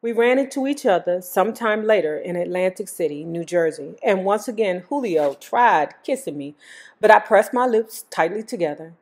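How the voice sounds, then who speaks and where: A woman's voice: medium pitch, expressive, moderate pace, darkish tone. A woman host reading a memoir aloud, breaking off for blunt, joking commentary. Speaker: YouTube host.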